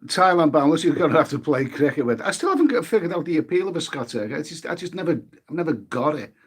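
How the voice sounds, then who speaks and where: Fairly high-pitched and sing-song with a breathy edge, this man talks fast in a chatty live stream. He eats as he speaks, swears a bit, and reads viewer comments and names out loud.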